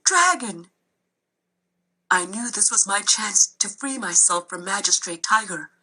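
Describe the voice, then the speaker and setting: A woman narrating a children's novel aloud in a steady storytelling way. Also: mid-range voice, moderate pace, low-quality recording. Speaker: reader.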